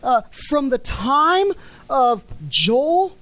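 Slow, emphatic woman preaching a sermon. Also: high-pitched, very animated, a bit bright, rough recording. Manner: emphatic, drawn-out words with falling endings.

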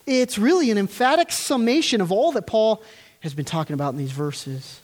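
A male pastor delivers an earnest sermon in church. His pitch rises and falls in lively swings as he presses his points. He asks the congregation pointed rhetorical questions. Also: normal speed.

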